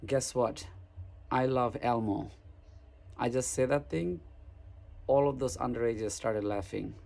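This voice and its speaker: A gravelly-voiced man rants casually to the camera at a middle pitch. He rambles through his story, repeating and restarting phrases as he goes. He sounds like a street photographer telling a story from his day. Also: steady tone, unhurried, darkish tone.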